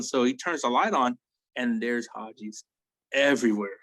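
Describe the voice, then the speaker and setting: An army veteran in his forties, appearing as a guest, tells war stories casually and bluntly, swearing freely and rambling with "right?" and "you know?" after almost every thought. His middle-pitched voice is fairly quick and bright, dry and close with no room sound, in a low-quality recording.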